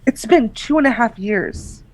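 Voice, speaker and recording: A woman running and playing in a tabletop game, explaining things in a relaxed way. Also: on the high side, a little slow, slight background noise. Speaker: game master.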